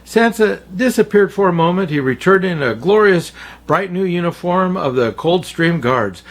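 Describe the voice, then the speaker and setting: Man, storybook narrator, husky, animated pitch, chuckles at slips. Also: normal speed. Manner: warm, chuckles at his own slips. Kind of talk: read-aloud children's story.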